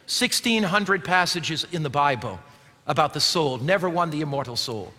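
A male pastor preaching a sermon, swinging from loud declaiming to a hushed near-whisper and asking his listeners rhetorical questions. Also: fairly high pitch, lively intonation, normal speed. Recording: long hall reverb.

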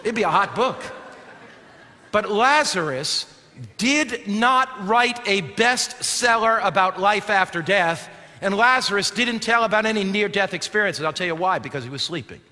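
A male preacher giving a sermon, dramatic, swinging from loud calls to hushed, quiet lines. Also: high-pitched. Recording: long hall reverb.

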